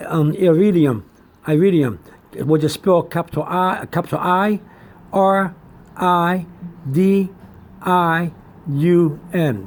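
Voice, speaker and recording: A man teaching an informal lesson on medical and chemical terms, pausing, repeating himself and spelling words out letter by letter. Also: high-pitched.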